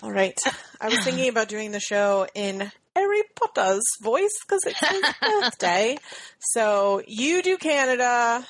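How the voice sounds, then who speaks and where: A woman's voice: on the high side, sing-song, a little slow, no room sound. Chatty woman podcast co-host, dry sound. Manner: chatty, laughs often. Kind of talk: casual podcast chat.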